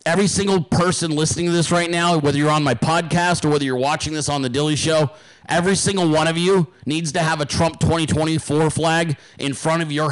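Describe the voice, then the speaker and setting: Male host, slightly high voice, angry profane rant, emphatic. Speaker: podcast host.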